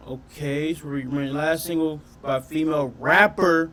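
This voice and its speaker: A man doing casual reaction commentary on his channel, talking in an animated, profane way and often questioning his audience. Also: a little high, measured pace. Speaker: reaction streamer.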